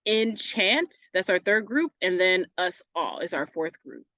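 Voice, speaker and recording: A woman's voice: lowish voice, animated, a little slow, sharp tone, dry recording. A woman teacher giving a recorded online English lesson, casual and self-correcting, often asking "right?" as she goes.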